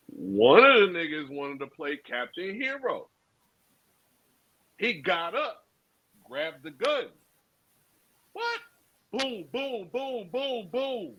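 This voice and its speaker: Man telling a profane, animated story. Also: medium pitch, dry recording. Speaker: podcast co-host. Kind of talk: casual storytelling. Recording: dull lo-fi sound.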